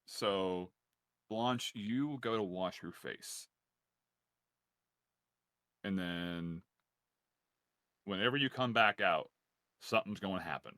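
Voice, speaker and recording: A man narrating as game master of a tabletop game, animated and laughing along with his players. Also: sits low, no echo. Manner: animated, laughing, quick to play out side voices.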